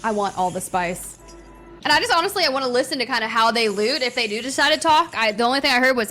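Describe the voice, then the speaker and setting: A woman's voice: on the high side, lively intonation, quick pace, pushed and bright, soft background music. Playful woman co-casting esports. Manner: conversational, analytical, playful. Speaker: esports caster. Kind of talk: live esports commentary.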